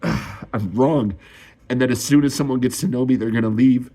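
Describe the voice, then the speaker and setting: His pitch is medium, his pace moderate, and his tone dark as this young vlogger pours out an unfiltered confession. Frequent sighs and swearing punctuate it, and his voice lifts when he's upset.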